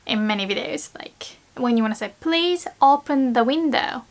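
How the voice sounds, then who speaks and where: A woman whose first language is Japanese, teaching grammar in English with a slow, patient manner, repeating example words with lifted emphasis. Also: high-pitched, lively intonation, creaky. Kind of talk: casual explanatory lesson.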